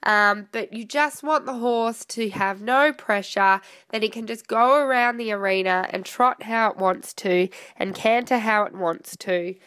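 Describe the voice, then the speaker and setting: Woman riding coach explaining calmly. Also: mid-range voice, unhurried, hardly any pauses, clean tone, no room sound. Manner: relaxed, explaining with filler words. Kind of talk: instructional commentary.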